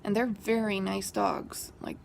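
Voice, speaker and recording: Young woman, vlogger, hushed, gravelly fry, faint background noise. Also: mid-range voice, measured pace. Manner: whispery, hushed retelling that rises when quoting an argument. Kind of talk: casual storytelling.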